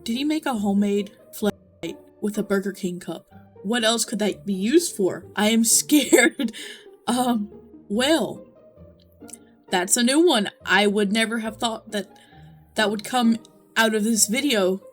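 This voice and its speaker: A woman's voice: mid-range voice, normal speed, soft background music. A young woman chatting casually and swearing as she reacts, filling her talk with "like". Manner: chatty, swears a lot, heavy use of "like". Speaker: VTuber reaction streamer.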